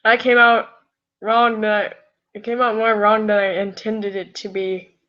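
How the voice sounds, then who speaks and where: Slow, rambling woman reading aloud. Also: medium pitch, flat delivery, muffled recording. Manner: chatty, rambling, self-correcting. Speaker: fan fiction reader. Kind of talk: casual reading aloud with asides.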